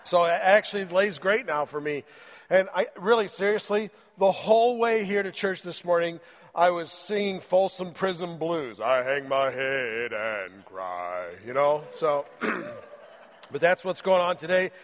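Joking pastor with a cold. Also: male voice, high-pitched, normal speed, long reverb tail. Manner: joking, conversational preaching. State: has a cold, voice lowered. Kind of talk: sermon. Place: church sanctuary.

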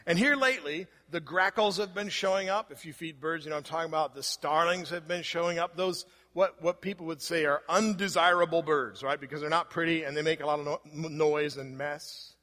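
Male pastor, conversational sermon delivery, bright tone, recorded in a church with long echo. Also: on the high side, a little fast, few pauses. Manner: conversational preaching with rhetorical questions. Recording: long hall reverb.

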